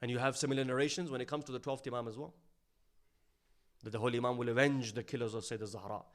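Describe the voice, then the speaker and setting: A man giving a sermon, telling a story and dropping to a hushed voice for its sad lines, then rising louder to stress his points. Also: fairly even intonation, fast. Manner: storytelling, drops to a low hushed voice for sad quotes. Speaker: speaker at an Islamic centre.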